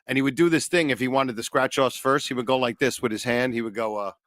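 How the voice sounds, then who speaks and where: A man co-hosting a podcast in casual chat, telling a story haltingly and searching for words. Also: medium pitch, fairly even intonation, fairly bright tone, no room sound, studio quality. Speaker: podcast co-host.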